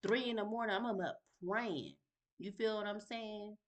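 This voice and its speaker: A woman tells her own story in a casual vlog, at a middle pitch. She speaks in an emphatic, conversational way and keeps checking in with the listener. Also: normal speed. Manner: emphatic and conversational, fond of asking "you feel me?". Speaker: vlogger sharing her story.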